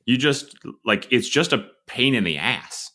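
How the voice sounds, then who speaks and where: A man's voice: mid-range voice, animated, a little slow, sharp tone. An American man co-hosting a podcast, making wry, sarcastic asides in casual chat. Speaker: podcast co-host.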